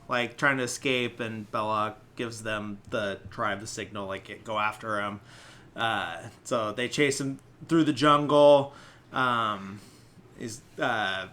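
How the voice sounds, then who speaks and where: A man's voice: mid-range voice, bright, forceful tone. A man hosting a podcast, casually retelling a movie plot with lots of fillers. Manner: rambling, many filler likes. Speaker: podcast host. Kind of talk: casual film recap.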